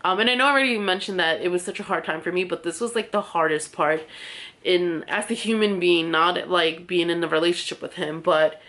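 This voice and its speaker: A young woman with a slightly low voice talks casually through a get-ready-with-me story time. She is candid and chatty and leans on "like" as she goes. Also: brisk, fairly bright tone. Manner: chatty and candid, heavy use of "like" fillers. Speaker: beauty vlogger and podcast host.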